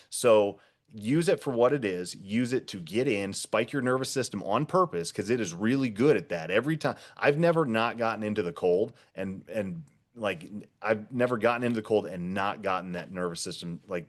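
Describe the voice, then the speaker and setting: A man with a very low voice talks in loose, rambling bursts full of fillers and restarts. He is blunt and swears casually in relaxed podcast conversation. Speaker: podcast guest, former first responder.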